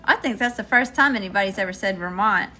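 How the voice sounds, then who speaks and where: A woman's voice: medium pitch, fast, bright, forceful tone, soft background music. A woman doing a live-stream tarot reading, chatting with viewers between cards. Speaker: tarot reader.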